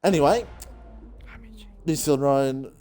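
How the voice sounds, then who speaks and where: A man giving rambling, excitable live commentary on an online racing league, saying he is out of breath. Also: mid-range voice, a little slow. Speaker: race commentator.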